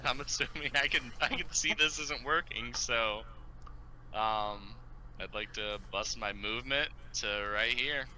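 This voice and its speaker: Very bright-voiced male player. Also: mid-range voice, takes it slowly, a little hiss or hum, poor audio. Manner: earnest, hesitant, with restarts. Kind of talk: playing a tabletop game.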